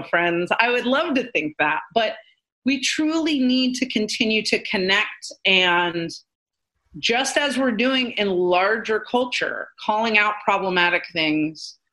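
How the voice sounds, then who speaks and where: A woman co-hosting a podcast as a paranormal researcher, speaking earnestly in animated, quick bursts. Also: medium pitch. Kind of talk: casual podcast discussion.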